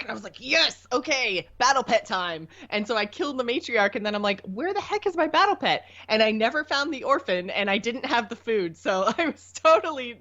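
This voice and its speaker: A woman co-hosting a casual gaming podcast, chatty and giggly, explaining game details at length with quick asides. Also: fairly high pitch, a bit bright, highs cut off. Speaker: podcast co-host.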